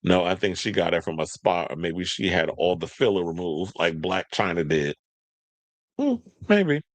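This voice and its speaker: A man's voice: sits low, steady tone, normal speed, no room sound. A man hosting a celebrity gossip show, chatting casually in a sassy way with slang asides as he reads out news items. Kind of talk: casual commentary, reading news aloud.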